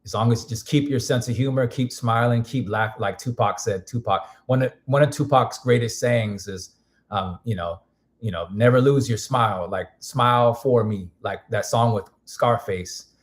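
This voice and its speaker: A man with a hoarse voice chatting casually on a live stream. He rambles loosely, doubling back and restarting his sentences as he goes. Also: medium pitch, moderate pace. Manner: rambling, frequent restarts and fillers. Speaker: music producer streaming.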